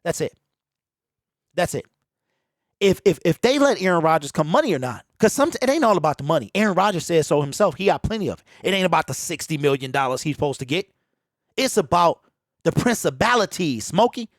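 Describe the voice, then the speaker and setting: High-voiced guy ranting about football on his home mic, super lively ups and downs, preachy and slangy. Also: quick pace, no room sound, clean studio sound. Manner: animated, preachy, talks straight to viewers with slang. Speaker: sports commentary host. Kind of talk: opinionated solo sports commentary. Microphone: home desk mic that pops.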